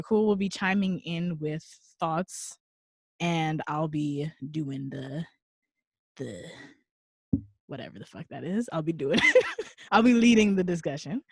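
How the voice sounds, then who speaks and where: A woman co-hosting a podcast in a frank, joking way, walking through a film review from her notes. Her voice sits a little low and sounds close and dry. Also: no room sound. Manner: candid, joking, reads notes aloud. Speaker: podcast co-host.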